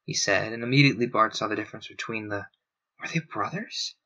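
A man narrating a novel aloud in a steady storytelling manner, on a dull lo-fi recording. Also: on the low side, fairly quick. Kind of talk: book reading aloud.

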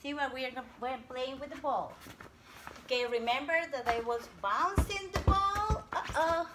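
A woman teaching a preschool class by video, talking slowly and cheerfully in a sing-song way to small children. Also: sits high.

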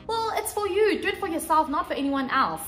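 A woman's voice: extremely high pitch, fairly quick. A young South African woman, a makeup artist, chatting casually and animatedly, laughing often. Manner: animated, laughs often, goes quiet while working. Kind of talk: casual chat. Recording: echoey room with background music.

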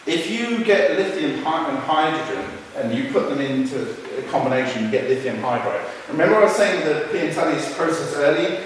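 A man's voice: a little high, expressive, moderate pace, hardly any pauses, slight background noise. A man giving a chatty, informal university lecture, telling anecdotes and swearing casually as he explains. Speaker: guest lecturer. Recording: very echoey hall, distant mic.

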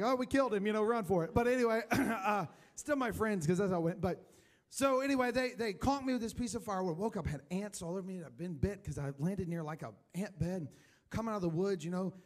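A man preaching a sermon in church, telling his personal testimony, rising loud for emphasis and dropping to a hushed voice when emotional. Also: high-pitched. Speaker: pastor.

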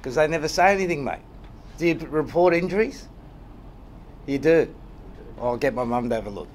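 A rugby head coach at a post-match press conference, answering reporters bluntly and wryly and repeating phrases for emphasis. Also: male voice, fairly high pitch, lively intonation, fairly quick, slight background noise. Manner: blunt and wry, often ends with "mate".

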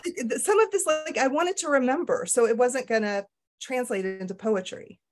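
A middle-aged woman author being interviewed. She talks casually and candidly, pokes fun at herself and often stops to restart her sentences. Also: on the high side. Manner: candid, self-deprecating, halting with restarts. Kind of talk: casual conversation.

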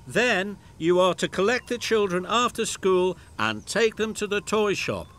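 A man's voice: high voice, animated, unhurried, fairly bright tone, pitched above the performer's own voice. A man voicing an urgent male station master passing on a message in a storybook reading.

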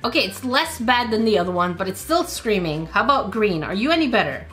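A woman hosting a gaming video, talking through mobile games in casual let's-play commentary and reacting aloud with laughs and quick exclamations. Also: medium pitch, big pitch swings, over music.

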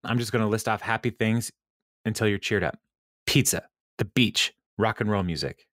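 A man's voice: fairly low pitch, moderate pace, a bit bright, no room sound, clean studio sound, lightly acted. A man reading the lines of an upbeat young man who cheerfully lists happy things, in his own everyday voice. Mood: cheery. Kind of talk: reading a script aloud on a podcast.

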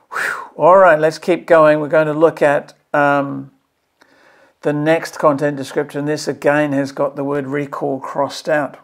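Gravelly, impassioned man. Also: fairly high pitch. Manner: passionate, emphatic, exasperated pleading. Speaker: maths educator reviewing curriculum. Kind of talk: video commentary on a curriculum draft.

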